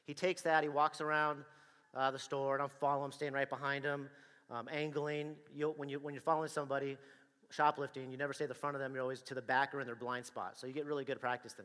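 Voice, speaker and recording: A man telling a personal story to an audience in a dramatic, animated way, acting out the dialogue and the action. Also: mid-range voice, long reverb tail.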